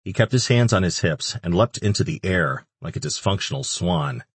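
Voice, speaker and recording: A man narrating an audiobook in a measured, even reading. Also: low-pitched, gravelly, breathy edge, dry recording. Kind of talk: scripted narration.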